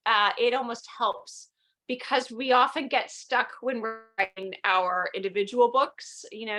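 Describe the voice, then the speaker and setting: A woman's voice: on the high side, bright, forceful tone. A middle-aged woman novelist chatting conversationally on a panel. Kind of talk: panel discussion.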